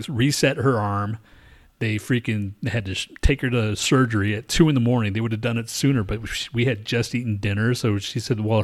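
A man telling a story in casual chat, rambling and swearing, with many restarts and fillers. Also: lowish voice.

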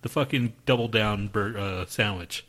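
A man's voice: fairly low pitch, normal speed, a bit bright. A man co-hosting a podcast, rambling in crude casual chat with frequent profanity and restarts. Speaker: podcast co-host.

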